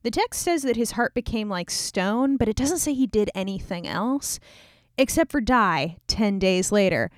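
A woman's voice: mid-range voice, no echo, studio quality. A woman retelling a scripture story in a casual, irreverent, slangy way.

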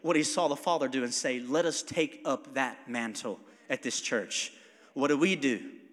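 A man preaching a sermon as pastor, moving from quiet, near-whispered passages to loud, emphatic stretches and calling on the congregation to answer back. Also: medium pitch, moderate pace. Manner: calls for congregation responses. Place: church sanctuary. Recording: long hall reverb.

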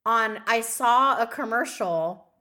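A woman co-hosting a podcast in casual chat, blunt and quick to swear and laugh. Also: a little high, animated, pushed and bright. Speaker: podcast co-host.

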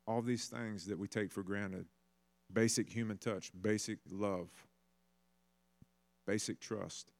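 A man preaching a sermon in a conversational storytelling way, sometimes acting out the voices of people in the story. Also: lowish voice. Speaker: pastor.

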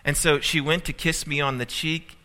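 Recorded in a reverberant hall, a pastor preaches a sermon, telling a family story with humor and steadily building emphasis. His voice is a little high, bright and forceful, with fairly even intonation at a moderate pace.

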